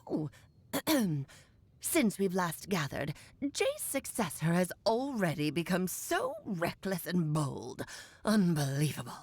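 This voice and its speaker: A woman's voice: lowish voice, big pitch swings, slow, darkish tone, breathy edge, no room sound, full character voice. A woman voicing a playful, grand older female witch in a game, theatrical and coy. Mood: haughty. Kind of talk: game voice acting.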